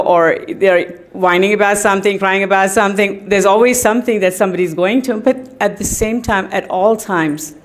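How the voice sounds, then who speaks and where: Chatty middle-aged woman telling stories. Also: mid-range voice. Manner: chatty storytelling, often laughing, many fillers. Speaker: devotee giving a tribute to her teacher. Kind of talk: personal anecdotes in a tribute talk.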